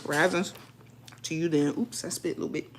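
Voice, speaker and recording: A playful woman talks casually to her live viewers, joking and laughing often. Her voice sits a little low, with a faint hiss of noise behind her. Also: fairly even intonation, a little fast. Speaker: vlogger chatting with live viewers. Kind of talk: casual live-stream chat.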